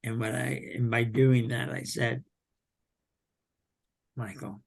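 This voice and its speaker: Slow, gravelly man speaking haltingly. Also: medium pitch, flat delivery. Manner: slow, halting, with many pauses and fillers. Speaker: podcast guest. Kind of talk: candid personal interview.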